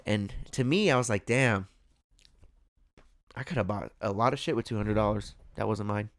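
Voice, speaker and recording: A young man hosting a podcast, telling a story in a casual, animated way and laughing often. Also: fairly low pitch, moderate pace. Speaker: podcast host. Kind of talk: casual chat.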